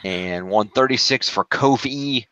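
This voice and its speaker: Speaking a little slowly with a sharp yet smooth tone, this man co-hosts a podcast and runs through the week's wrestling while keeping score. He narrates the events and acts out quotes loudly, and the recording is dry.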